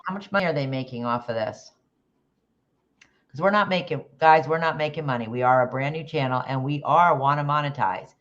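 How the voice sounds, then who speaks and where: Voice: medium pitch, a little fast, a bit bright, dull audio. A livestream host chatting casually about a case, rambling with restarts and greeting viewers in the chat by name.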